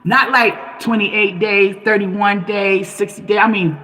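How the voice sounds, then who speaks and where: A woman's voice: mid-range voice, steady tone, measured pace, bright, forceful tone, rough recording. A woman talking to her live-stream viewers in a passionate, preachy monologue, firing off rhetorical questions. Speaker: livestream host.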